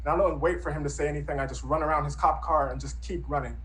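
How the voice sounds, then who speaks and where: A man in his thirties recounts a true personal story. He speaks earnestly and reflectively, in a conversational manner, with a somewhat high-pitched voice. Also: steady tone, fast talker, fairly bright tone, rough recording. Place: Brooklyn.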